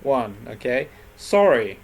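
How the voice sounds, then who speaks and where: Over a noisy background, this man's medium-pitched, very animated voice moves slowly, with some vocal fry. His English lesson covers word stress, and he stays patient, pausing after every point to ask the class "right?" or "okay?".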